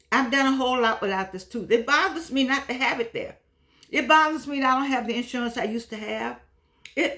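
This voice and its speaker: An older woman hosting her own video talk, chatting casually and repeating herself, calling viewers pet names like darlings and sugar pies, a little frustrated today. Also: medium pitch. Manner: warm-hearted, repetitive, pet names for viewers. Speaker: vlog host.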